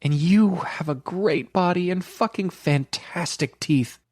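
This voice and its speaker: A man's voice: high-pitched, a little slow, a little mellow, dry recording, studio quality, voice pushed up. A man reading an audiobook, voicing an assertive young woman in her twenties who talks in an eager, breathless way. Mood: exasperated. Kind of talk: audiobook character voice.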